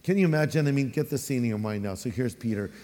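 A man with a Californian accent preaching a sermon as a pastor, animated and acting out the voices he quotes. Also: medium pitch, quick pace, in a large hall.

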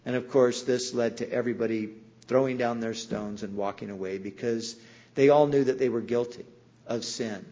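A man's voice: medium pitch, steady tone, normal speed, dark tone, lo-fi sound. A man preaching a sermon in an earnest way, sometimes acting out the voices in the stories he tells. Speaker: pastor.

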